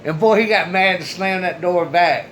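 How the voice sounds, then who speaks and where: A man's voice: sits high, moderate pace, fairly bright tone, a little hiss or hum, rough recording. A man casually telling a personal story straight to his viewers, loose and chatty, with the odd swear word. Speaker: storyteller, channel host.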